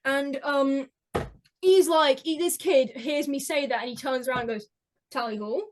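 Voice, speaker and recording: A woman telling stories in an excitable, rambling way on a podcast, with many restarts. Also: high-pitched, moderate pace, a little hiss or hum. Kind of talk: casual chat, rambling storytelling. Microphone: podcast mic.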